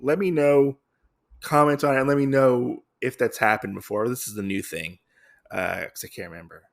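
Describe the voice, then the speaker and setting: A man's voice: mid-range voice, moderate pace, creaky. A man hosting a podcast, casually recapping a comic in a rambling, filler-heavy way. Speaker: podcast host.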